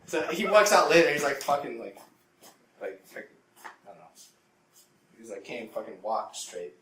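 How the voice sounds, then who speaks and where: A man's voice: medium pitch, very animated, normal speed, pushed and bright, far from the mic. A man co-hosting a podcast, telling a story in casual chat, rambling and swearing, with lots of "like". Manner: rambling, profane, heavy use of "like", mimics people in the story. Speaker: podcast co-host. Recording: echoey room with noise.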